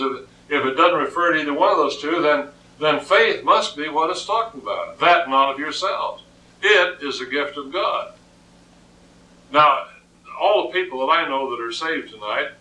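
A man's voice: medium pitch, bright, forceful tone, distant mic. A man preaching a sermon, emphatic and often repeating words as he reasons aloud, recorded in an echoey room with the voice off-mic.

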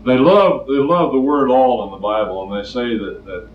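A man's voice: mid-range voice, moderate pace. Older guy preaching, plain folksy storytelling, far off the mic, muffled old tape. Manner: plainspoken, storytelling, emphatic repetition. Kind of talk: sermon. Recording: distant roomy lo-fi recording.

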